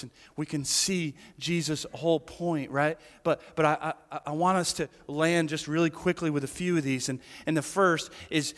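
A male pastor preaching in a large hall, his bright, forceful voice carrying a long reverb. He tells the story animatedly, jumping from loud, raised cries down to hushed asides. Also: a little high. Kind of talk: sermon.

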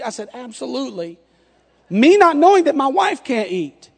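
Preaching with a remarkably high voice, a thirty-something pastor spins a playful story, performing every exchange in it in an animated, fairly quick delivery. His words echo with a long hall reverb.

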